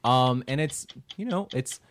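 A man's voice: mid-range voice, lively intonation, measured pace, a little hiss or hum. Laughing man summarizing a movie plot. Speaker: podcast co-host. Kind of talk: casual movie-review podcast chat.

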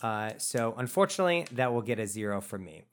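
Male podcast co-host, lowish voice, easygoing review chat. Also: big pitch swings, fairly quick. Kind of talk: casual film-review chat.

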